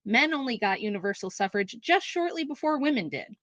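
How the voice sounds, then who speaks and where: A woman's voice: a little high, lively intonation, fairly quick, a bit bright, no room sound, muffled recording. A woman in a debate, asking pointed questions and acting out a child's lines in her examples. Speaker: debate opponent. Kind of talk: live debate.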